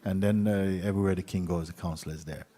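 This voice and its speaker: A man, a spiritual teacher, telling a fable to an audience in an unhurried way, with pauses, sometimes dropping to a hushed whisper. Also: low-pitched, steady tone, in a large hall. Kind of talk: storytelling talk to an audience.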